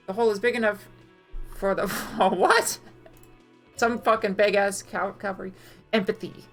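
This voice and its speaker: A woman's voice: mid-range voice, fairly even intonation, normal speed, soft background music. Casual profane woman streamer reading game text. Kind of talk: live game playthrough, reading dialogue aloud.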